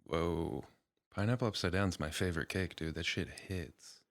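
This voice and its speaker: A young man speaks in a deep, low voice while co-hosting a podcast. He keeps the banter loose and laughs often, with dry one-liners mixed in. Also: moderate pace. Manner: laughs a lot, throws in deadpan jokes. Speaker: podcast co-host. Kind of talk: casual banter.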